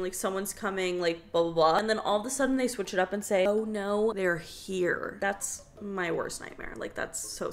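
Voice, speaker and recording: Bright-voiced young woman vlogger telling a spooky tale. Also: mid-range voice. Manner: chatty, dramatic retelling with frequent fillers. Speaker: vlogger host. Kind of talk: casual storytelling vlog.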